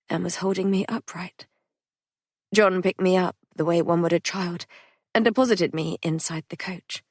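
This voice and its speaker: Woman, audiobook narration, measured, lower pitch, dry studio sound. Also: dry recording. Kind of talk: scripted narration.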